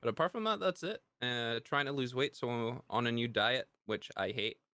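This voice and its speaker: A man's voice: medium pitch, normal speed, sharp tone. A man co-hosting a gaming podcast, telling his news with self-mocking jokes. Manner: joking, self-mocking banter. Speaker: podcast co-host. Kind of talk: casual gaming podcast chat.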